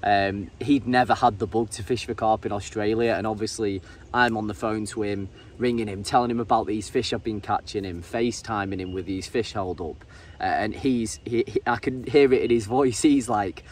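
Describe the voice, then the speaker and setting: An English man narrating his fishing vlog in a casual, halting way, often repeating words and saying um. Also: lowish voice, steady tone. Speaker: angler and vlogger. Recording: distant mic with faint ambient noise.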